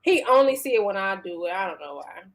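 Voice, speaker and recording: A woman's voice: medium pitch, lively intonation, fast, rough recording. Laid-back Chicago woman chatting. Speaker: panel co-host. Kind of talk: casual panel chat.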